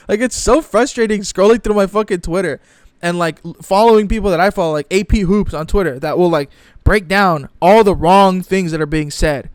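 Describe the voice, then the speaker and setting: Exasperated young man ranting, high-voiced. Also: fairly quick, no room sound. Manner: profane, exasperated, mocking impressions. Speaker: sports commentary creator. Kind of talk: casual ranting commentary.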